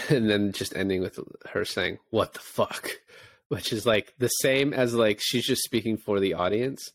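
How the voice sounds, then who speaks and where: Man, podcast co-host, casual movie chat, animated retelling, dry sound. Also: fairly low pitch, moderate pace, no room sound. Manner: animated storytelling, acts out scenes in quoted voices.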